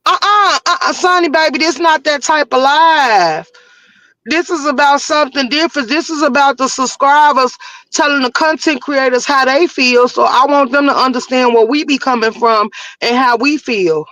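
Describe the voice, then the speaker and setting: A woman's voice: high-pitched, normal speed, a bit bright, dry recording. A woman hosting a live-stream chat, calling guests baby and boo and keeping the talk on track. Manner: calls people baby and boo, steers the talk. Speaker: host of a live show.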